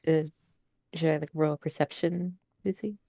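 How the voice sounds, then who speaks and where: A woman playing a tabletop game, talking in a low-key, matter-of-fact way. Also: steady tone, normal speed, vocal fry, warm tone, no echo. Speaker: player. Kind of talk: casual tabletop game chat.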